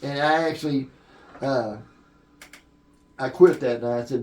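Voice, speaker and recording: A man's voice: mid-range voice, a little slow, darkish tone. An older man, a music producer and live sound engineer, telling long stories as an interview guest, rambling with many fillers and restarts. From Oak Cliff, Texas. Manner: rambling storyteller with many fillers and restarts, acting out quoted voices. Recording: roomy echo.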